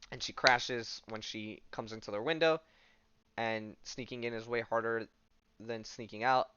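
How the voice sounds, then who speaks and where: A man's voice: mid-range voice, steady tone, measured pace, bright, forceful tone, clear, resonant tone, dry recording, muffled recording. A man hosting a podcast, casually recapping a comic in a rambling, self-correcting way. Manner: rambling, lots of fillers and restarts. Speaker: podcast host.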